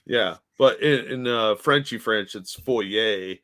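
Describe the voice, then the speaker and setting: A man's voice: mid-range voice, measured pace, a bit bright. A man co-hosting a podcast, chatting casually and making blunt, profane quips. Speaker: podcast co-host. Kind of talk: casual chat.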